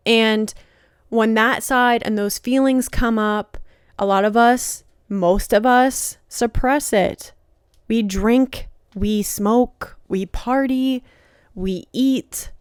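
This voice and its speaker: Young woman hosting a casual self-help podcast, talks loosely with lots of fillers, pitched a bit high. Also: fairly even intonation, takes it slowly, clear, resonant tone, no room sound, clean studio sound. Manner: chatty, heavy use of "like" and "you know". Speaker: podcast host.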